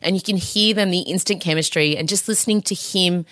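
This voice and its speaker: A woman's voice: lowish voice, a little fast, fairly bright tone, no room sound. A tired woman hosting a podcast from home, talking frankly and emotionally in a rambling way. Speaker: podcast host. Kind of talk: candid podcast chat. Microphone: podcast microphone.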